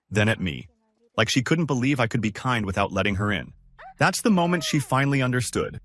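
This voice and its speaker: A man's voice: on the low side, dry recording. A man narrating first-person relationship stories in a scripted reading style. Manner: steady storytelling, lines read one after another.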